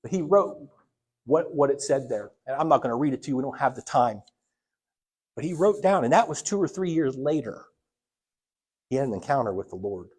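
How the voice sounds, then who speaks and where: Husky man preaching a story sermon. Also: expressive, a little fast, pauses often, a little mellow. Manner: storytelling, acts out quoted dialogue with big swings in pitch and volume. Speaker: church elder preaching. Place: church sanctuary.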